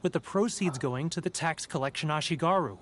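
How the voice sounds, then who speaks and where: An actor playing a timid, guilt-ridden merchant in a video game, emotional, sighing and confessional. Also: male voice, fairly high pitch, brisk, a bit bright, a little hiss or hum, natural voice. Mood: confessing. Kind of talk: game voice acting. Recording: game audio with faint background music.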